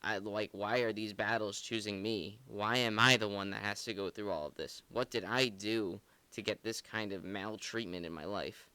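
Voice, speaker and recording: A male podcast co-host breaks down song lyrics in casual, rambling talk, earnest and leaning heavily on the filler "like." His lowish voice is bright, forceful, clear, and resonant, steady in tone at normal speed with hardly any pauses and no room sound.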